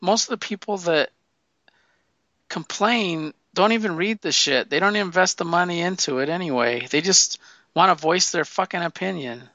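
Male co-host, blunt and profane, high bright voice, slightly muffled dry recording. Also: normal speed, dry recording. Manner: blunt, swears often. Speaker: podcast co-host. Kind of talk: casual chat.

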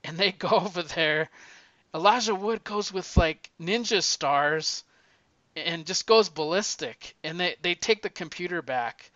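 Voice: medium pitch, measured pace, sharp tone, dry recording. A podcast co-host casually retelling a movie plot, rambling and swearing, with lots of "like" and restarts. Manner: rambling and profane, heavy use of "like". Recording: dull lo-fi recording.

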